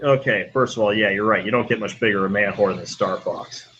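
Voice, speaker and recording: A man's voice: fairly low pitch, fairly quick, pushed and bright. A man co-hosting a casual geek news chat, joking crudely and laughing often between headlines. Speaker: co-host. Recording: lo-fi with faint noise.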